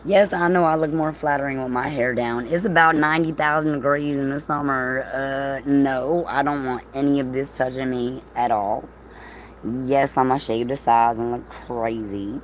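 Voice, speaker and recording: Low-voiced, rambling, profane woman streaming. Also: moderate pace, a little hiss or hum, low-quality recording. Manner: rambling, profane, laughs often. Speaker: livestreamer. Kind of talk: casual livestream chat.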